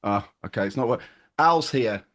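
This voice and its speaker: A man's voice: medium pitch, expressive, normal speed, a bit bright. A man, chatting casually on a podcast in a rambling, stop-start way. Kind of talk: casual chat.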